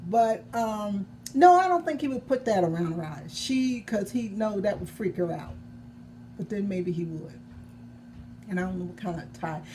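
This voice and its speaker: A woman's voice: medium pitch, expressive, moderate pace, dark tone, slight background noise. A woman novelist vlogging in a casual chat about her own book, rambling and correcting herself as she goes, with the odd chuckle.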